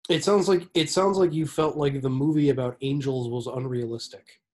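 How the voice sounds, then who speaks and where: Dry, teasing man, mid-pitched. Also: steady tone, moderate pace, darkish tone. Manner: dry, teasing, pushes back. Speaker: podcast co-host. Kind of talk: casual movie-review chat.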